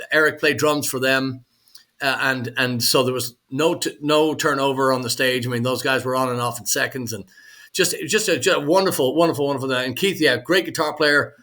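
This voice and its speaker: A man's voice: mid-range voice, normal speed, pushed and bright. A man co-hosting a band's podcast in casual chat, effusive and full of restarts as he praises people. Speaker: band member and podcast co-host.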